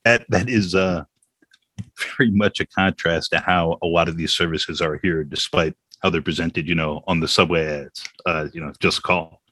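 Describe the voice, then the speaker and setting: Male host, low voice, halting delivery, dry close recording. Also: fairly even intonation, fairly bright tone, slightly rough, no room sound. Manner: halting, with repeated words. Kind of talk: casual conversation.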